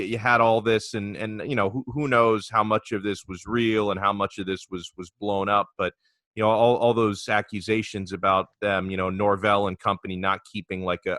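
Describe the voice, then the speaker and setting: Bright-voiced chatty sports host. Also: male voice, on the low side, dry recording. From South Florida. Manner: chatty, with filler words. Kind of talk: casual sports talk.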